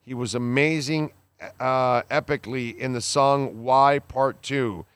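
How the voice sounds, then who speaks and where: A male podcast host with a smooth, resonant voice, recorded dry and close. He reacts bluntly and with exasperation, swears freely, and stumbles through restarts as he talks. His pitch sits in an ordinary middle range. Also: fairly even intonation, no room sound. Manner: halting restarts, many fillers. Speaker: podcast host reading listener comments. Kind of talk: casual chat.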